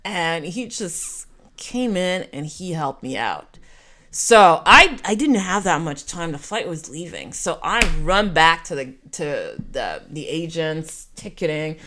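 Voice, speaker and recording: A woman's voice: deep voice, slow pace. A woman, telling a rambling personal story in a casual vlog. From Quebec. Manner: animated, rambling, self-interrupting. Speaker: storyteller vlogger.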